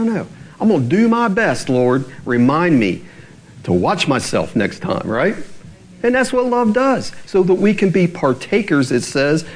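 A man preaching in a relaxed, conversational way, his pitch rising and falling widely from one phrase to the next. His voice sits a little higher than most men's. He keeps tossing rhetorical questions back to his listeners. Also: low-quality recording. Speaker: pastor. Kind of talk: sermon.

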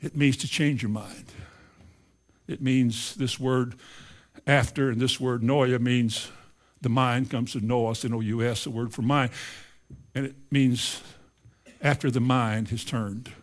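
A pastor preaching a sermon, moving from low, quiet asides to loud, impassioned appeals and spelling out Greek words letter by letter. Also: male voice, steady tone, slow, pauses often.

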